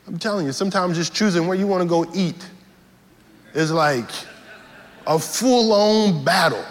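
A male pastor preaching a sermon in a church, animated and humorous, repeating key lines for effect. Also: high voice, moderate pace. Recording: reverberant hall with faint music.

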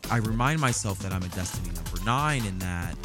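A man's voice: deep voice, animated, fairly quick, music in the background. A man hosting a podcast, musing and rambling with many fillers and restarts. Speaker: podcast host. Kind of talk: casual podcast monologue.

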